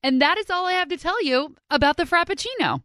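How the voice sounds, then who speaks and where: A woman's voice: extremely high pitch, expressive, fast, bright, forceful tone. Upbeat chatty woman podcast host. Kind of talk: casual storytelling narration.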